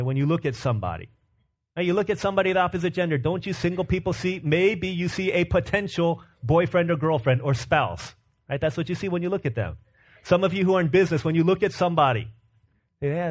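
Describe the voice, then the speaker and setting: A man's voice: fairly high pitch, breathy edge. A pastor in his thirties giving a conversational sermon, asking the congregation questions and telling stories about his young children. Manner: conversational preaching with rhetorical questions and family stories.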